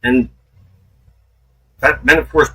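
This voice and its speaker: A man's voice: mid-range voice, fairly even intonation, slow, bright, forceful tone, husky, distant mic, poor audio. Profane, laughing man streaming from afar. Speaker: live streamer. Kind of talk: casual live-stream commentary.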